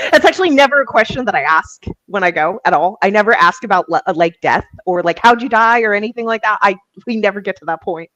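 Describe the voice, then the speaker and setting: A woman's voice: mid-range voice, lively intonation, fairly quick, a bit bright, no echo, low-quality recording. A young adult woman, a psychic medium, talking casually in an interview, laughing often and filling her talk with "like" and "um".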